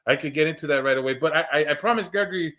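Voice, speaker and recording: A man's voice: fairly high pitch, racing, pushed and bright. A man in his thirties telling a long personal story in casual chat, full of restarts and repeated words, swearing now and then. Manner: acts out quoted lines in a raised voice. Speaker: podcast co-host.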